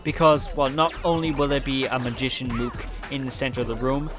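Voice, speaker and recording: A man's voice: mid-range voice, fairly quick. A man with a Welsh accent giving casual, rambling, self-mocking commentary while playing a video game. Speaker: let's play commentator. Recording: game music playing behind. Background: game music.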